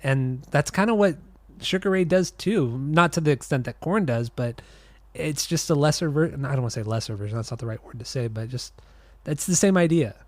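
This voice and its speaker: A man co-hosting a music podcast in easy, relaxed chat, teasing his partner and laughing often. His voice sits in a middle range. The sound is dry and close-miked. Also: medium pitch, a little fast, dry recording. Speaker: podcast co-host. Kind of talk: casual chat about music.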